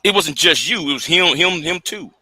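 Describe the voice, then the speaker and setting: A man's voice: on the high side, moderate pace, sharp tone, husky, no echo. A man hosting a live stream, arguing bluntly and combatively, stammering and repeating words when cut off. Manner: blunt and combative, swears freely. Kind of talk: heated live stream argument.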